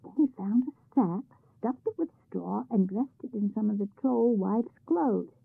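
A woman narrating a folk tale in a lively, expressive reading. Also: mid-range voice, a little slow, vocal fry, breathy edge. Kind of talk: storybook narration. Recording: tinny phone-like sound.

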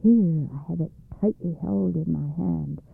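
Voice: mid-range voice, measured pace, creaky, breathy edge, dry recording, soft background music, heavily acted. A storyteller voicing an impatient, greedy male evil spirit in a read-aloud folktale, urging and bossing in a raised voice. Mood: urgent. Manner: urgent, bossy. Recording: dry, phone-like narrow band.

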